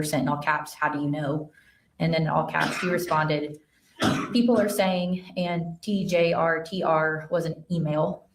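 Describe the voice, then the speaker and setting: A woman's voice: sits low, creaky. A woman investigator giving courtroom testimony, reading text messages aloud in a careful, matter-of-fact way with a few hesitant fillers. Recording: echoey courtroom sound from far off the mic.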